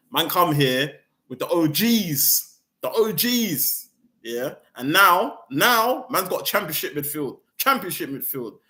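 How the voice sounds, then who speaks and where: Fuming young football fan ranting. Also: male voice, on the high side, bright, forceful tone. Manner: angry, slangy, heated rhetorical questions. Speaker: football fan channel host.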